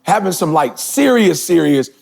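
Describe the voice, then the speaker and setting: Man, 40s, podcast host. Gravelly, slightly high-pitched, emphatic and rising. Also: very animated, moderate pace. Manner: emphatic, building to shouts. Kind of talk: casual podcast talk.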